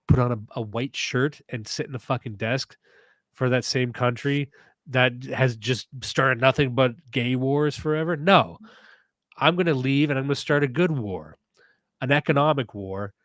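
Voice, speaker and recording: A man hosting a comedic podcast, riffing sarcastically and reading posts aloud in mocking voices. His pitch sits mid-range for a man. The sound is dry and close, with no room echo. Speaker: podcast host. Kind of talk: casual comedic rant.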